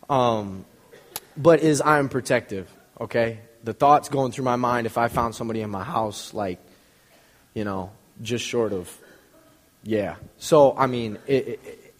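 A man preaching a casual, rambling sermon in a church, building up to shouting. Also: mid-range voice, long reverb tail. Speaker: pastor. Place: church sanctuary.

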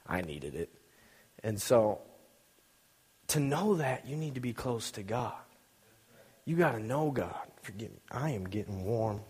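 A man's voice: fairly low pitch, very animated, unhurried, long pauses, a little mellow, breathy edge. A young man giving an informal sermon, chatty and joking, acting out little scenes as he tells stories. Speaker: preacher. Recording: long hall reverb.

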